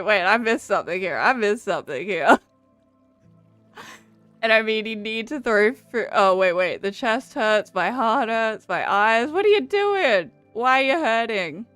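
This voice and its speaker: A woman's voice: fairly high pitch, animated, measured pace, long pauses, fairly bright tone, no echo, soft background music. A young Australian woman chatting casually with her viewers while playing a game, laughing often and swearing freely. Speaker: streamer. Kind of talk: casual chat while gaming.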